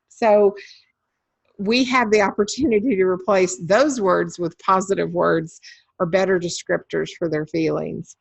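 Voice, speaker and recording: A woman giving a webinar in a chatty, story-telling way, often pausing on "um". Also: medium pitch, vocal fry, no echo. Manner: chatty and anecdotal, with frequent ums. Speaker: webinar presenter. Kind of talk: conversational webinar talk.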